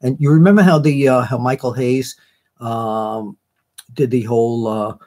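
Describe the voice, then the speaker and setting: A man's voice: mid-range voice, fairly even intonation, a little slow, mellow. A man hosting a live online show, chatting casually and reading out viewer comments in a rambling way, with many fillers and self-corrections.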